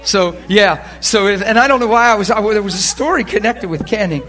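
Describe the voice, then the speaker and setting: A pastor telling a story from the pulpit in an animated way, dropping quiet and then laughing and shouting. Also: male voice, high-pitched, brisk. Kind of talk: storytelling sermon. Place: church sanctuary pulpit.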